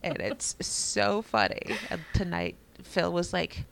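Chatty gravelly-voiced woman co-host. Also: on the low side, slow pace, a little hiss or hum. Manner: chatty, animated storytelling. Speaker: podcast co-host. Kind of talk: casual parenting chat.

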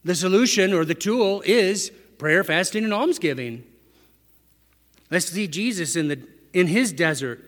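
A man preaches unhurriedly in an expressive, high voice, addressing his listeners conversationally with rhetorical questions. His sermon is recorded with echoey hall reverb.

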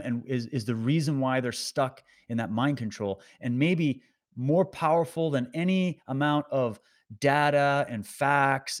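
A man's voice: mid-range voice, a little mellow. A man delivering an impassioned, preachy motivational monologue to his audience, urging and exhorting them. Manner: preachy, exhorting, rising to emphatic peaks. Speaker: online commentator.

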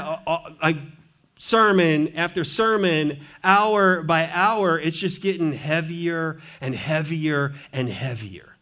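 A male pastor preaching a sermon in a church. He is animated and conversational, with playful asides and sudden drops to a hushed intensity. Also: a little high, measured pace. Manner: animated, swings from loud emphasis to hushed intensity. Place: church sanctuary.

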